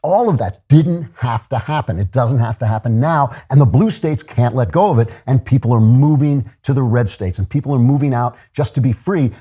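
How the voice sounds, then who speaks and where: A man's voice: mid-range voice, mellow, breathy edge. An older man hosting a political commentary show, delivering a sardonic, opinionated monologue with chuckling asides.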